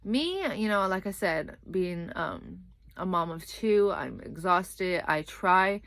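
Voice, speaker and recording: A woman's voice: lowish voice, lively intonation, slow, creaky, fairly bright tone, no room sound. A young woman chatting casually in a rambling vlog, sleepy and often saying "like I said" as she drifts between topics. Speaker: vlogger.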